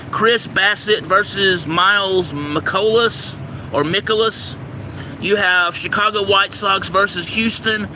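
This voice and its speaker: A man hosting a livestream, reading out a game schedule and his picks in a steady list, sometimes stumbling over names, recorded outdoors near a railway. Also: high voice. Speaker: livestream host giving baseball picks. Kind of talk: casual livestream commentary. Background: faint traffic and train noise.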